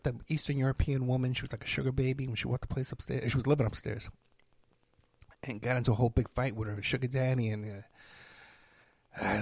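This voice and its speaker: A middle-aged man, hosting a podcast and telling stories in a rambling, animated monologue. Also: mid-range voice, gravelly, dry recording, clean studio sound. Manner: rambling, animated storytelling with laughs and asides. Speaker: podcast host.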